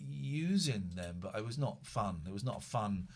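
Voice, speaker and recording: A middle-aged man hosting a casual live show, chatty and excitable, rambling with frequent restarts. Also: fairly low pitch, moderate pace, slight background noise. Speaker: show host.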